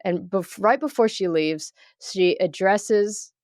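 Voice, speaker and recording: A woman's voice: mid-range voice, takes it slowly, darkish tone, dry recording. A woman co-hosting a podcast, recapping a movie plot in order with dry asides. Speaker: podcast co-host. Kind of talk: casual movie recap chat.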